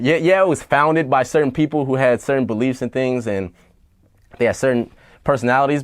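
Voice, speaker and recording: A man's voice: medium pitch, brisk, dry recording. A man talking as a rapper guest in an interview, blunt, profane and heated, with many fillers. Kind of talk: casual interview talk.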